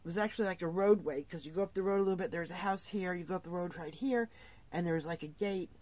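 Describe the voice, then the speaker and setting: A woman's voice: lowish voice, fast, a little mellow. A middle-aged woman telling a rambling travel story to her vlog audience from her RV, tired at the end of the day, laughing often and acting out the people she quotes. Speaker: vlogger. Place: inside her RV.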